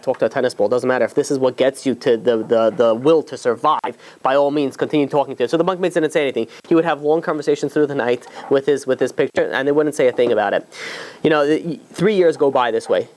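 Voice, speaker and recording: A man's voice: mid-range voice, a little mellow. A man, a rabbi, telling a long story in a loose, conversational way, full of fillers and restarts. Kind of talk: storytelling talk.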